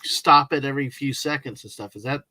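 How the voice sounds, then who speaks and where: A man joining a casual livestream chat as a guest, asking eager, quick questions with lots of fillers. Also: medium pitch, pushed and bright, dry recording.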